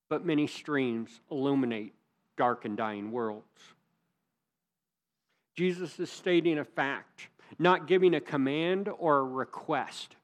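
A man preaching a sermon as pastor, earnest and emphatic, leaning hard on key words. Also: a little high.

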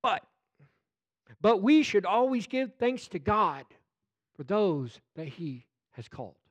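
A male preacher delivering a sermon. His voice sits a little high and moves with lively swings in pitch. He reads scripture slowly and deliberately and breaks in with playful asides. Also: no room sound.

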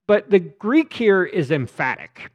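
A male pastor delivers a sermon with strong emphasis, doubling words as he drives a point home. His voice sits a little high for a man. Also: sing-song, a little slow. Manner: emphatic, repeats words when stressing a point.

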